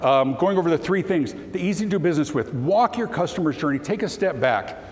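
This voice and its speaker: A man giving a storytelling keynote talk to an audience, animated and at times choked with emotion as he acts out the dialogue. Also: fairly high pitch, fairly quick. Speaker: keynote speaker. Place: conference hall. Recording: hall reverb, faint room noise.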